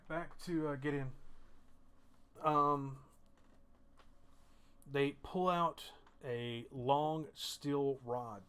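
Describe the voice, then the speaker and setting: Young male game master, narrating, casual. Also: medium pitch. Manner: narrates, then explains rules in a relaxed way. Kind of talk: narrating a tabletop role-playing game.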